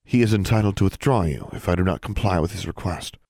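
A stern woman dean speaks in a low, dry, formal tone with a slight edge, as a male reader gives her lines. Every word is measured and precise. A storybook figure of quiet authority. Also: creaky, no room sound.

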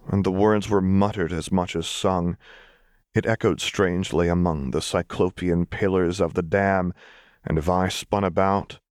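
A man reading a fan-fiction story aloud as a steady, measured narrator. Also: low-pitched, no room sound, studio quality. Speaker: audiobook reader. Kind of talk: scripted narration.

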